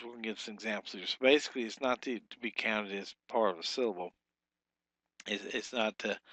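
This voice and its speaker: A man teaching a recorded lecture, explaining patiently, repeating terms slowly, with frequent fillers. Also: medium pitch, sharp tone, dry recording. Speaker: Hebrew teacher.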